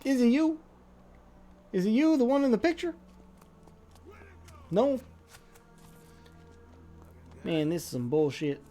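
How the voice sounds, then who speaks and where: A woman's voice: a little high, big pitch swings, slow, long pauses, warm tone, soft background music. Woman streamer in a put-on drawl. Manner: put-on made-up drawling accent, folksy slang; talks to game characters, impatient and profane. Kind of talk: live gameplay commentary.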